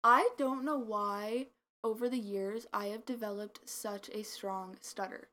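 A woman's voice: medium pitch, fairly even intonation, a little slow, sharp tone. A young woman co-hosting a podcast in casual chat, rambling with lots of filler words and a slight mumble. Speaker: podcast co-host.

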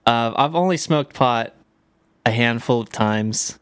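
Guy with a middle voice, dry close sound, quick jokey asides and halting storytelling. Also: mid-range voice, fairly bright tone, clear, resonant tone, dry recording. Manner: quick wry quips, hesitant when telling stories. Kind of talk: casual chat.

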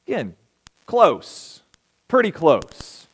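Male pastor, slow easy sermon, chatty and asks the congregation questions. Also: medium pitch, lively intonation. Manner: conversational storytelling, asks the listeners questions.

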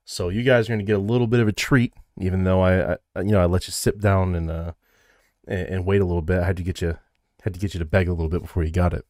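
A man's voice: deep voice, steady tone, quick pace, a little mellow, no echo, studio quality. A man co-hosting a casual podcast, joking crudely and laughing often. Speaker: podcast co-host.

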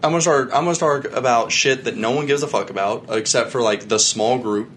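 Dry, swearing man, mid-pitched voice. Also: fairly quick, slight background noise. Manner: dry, profane, agreeable. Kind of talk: casual chat.

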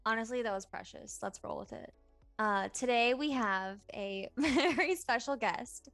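A woman's voice: on the high side, measured pace, fairly bright tone, soft background music. A woman in her twenties co-hosting a podcast, chatting casually and rambling with lots of fillers and giggles. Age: 20s. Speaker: podcast co-host. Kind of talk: casual chat.

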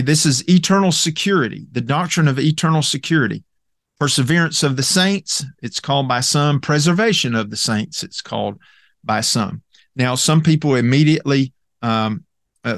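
A man teaching through a Bible passage in an earnest, emphatic way, often pausing with "uh" and checking in with "okay?". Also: mid-range voice, no room sound, studio quality.

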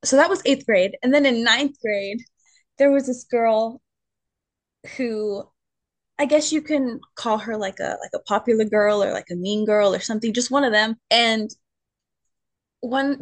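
A young adult woman with a fairly high voice, a musician and advocate, appears as a podcast guest with no room sound on the recording. She tells a personal story candidly and chattily, saying "like" a lot.

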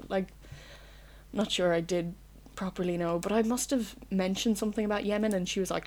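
A young Irish woman talks alone in her bedroom in a loose, casual podcast chat. She rambles candidly and swears without a second thought. Her voice sits at an ordinary middle pitch for a woman. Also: fairly even intonation, brisk, darkish tone. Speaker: podcast host.

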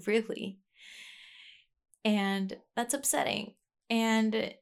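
Young woman, podcast host, unscripted and reflective, many fillers and restarts, mid-range voice. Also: mid-range voice. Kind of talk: casual personal monologue. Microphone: plugged-in podcast mic.

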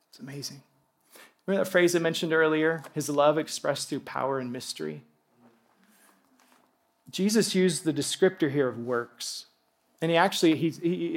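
A man preaching a sermon to a congregation, animated and excitable, dropping from loud bursts to hushed tones. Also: fairly high pitch, fairly quick, long pauses. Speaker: pastor.

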